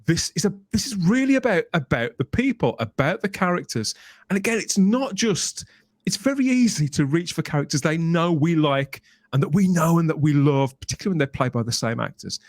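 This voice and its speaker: A man with a slightly raised voice talks in a casual podcast discussion, emphatic and eager, restarting his sentences as the excitement builds. The sound is close and dry, with no room around it. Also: on the high side, a little fast, no echo. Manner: enthusiastic, emphatic, repeats words when excited. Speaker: guest podcaster.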